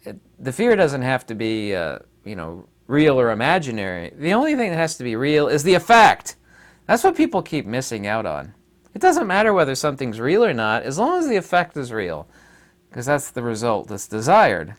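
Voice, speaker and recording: A man's voice: medium pitch, wildly swooping pitch, moderate pace. Rambling man, casual monologue. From United States. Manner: rambling and emphatic, with many fillers and restarts. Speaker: online commentator.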